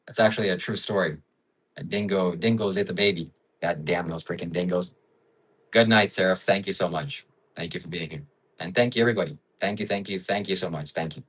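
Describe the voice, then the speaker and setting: A man's voice: low-pitched, fairly quick, fairly bright tone, husky, recorded from a distance, rough recording. A man hosting a livestream in casual chat, musing and rambling with frequent fillers. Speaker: livestream host.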